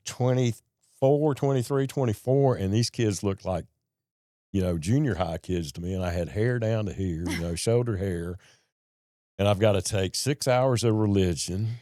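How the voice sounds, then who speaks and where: A middle-aged man, a podcast guest telling his story in a folksy, animated way and acting out the people in it. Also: low-pitched, no echo, studio quality. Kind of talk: casual storytelling conversation.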